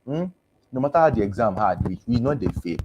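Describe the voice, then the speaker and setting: A man's voice: on the low side, lively intonation, a little fast, lo-fi sound, background noise. A man with a Nigerian Pidgin accent, a doctor hosting a casual live health stream, chatting and answering viewer comments, mixing English and Pidgin, his voice a little worn. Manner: chatty, switches between English and Pidgin, repeats thanks. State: voice going hoarse.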